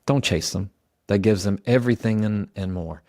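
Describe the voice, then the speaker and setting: A man's voice: lowish voice, normal speed, warm tone, no echo, studio quality. A man giving earnest communication advice, coaching the listener and acting out example phrases. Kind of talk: advice talk to camera.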